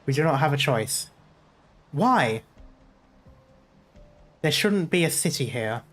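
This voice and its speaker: A man's voice: on the high side, takes it slowly, faint music behind. Man reading game lines aloud. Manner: earnest, steady reading with small slips. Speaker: gaming YouTuber.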